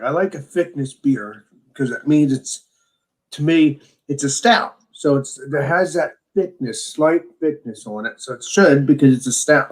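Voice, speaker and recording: Enthusiastic man reviewing a beer. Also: fairly high pitch. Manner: enthusiastic, rambling with restarts. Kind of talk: casual tasting chat.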